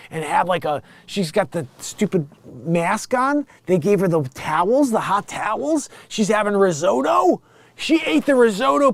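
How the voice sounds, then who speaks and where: Mocking brash guy riffing live, highish voice, dry close sound. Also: dry recording. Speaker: live improv comedian. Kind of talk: improvised comic commentary.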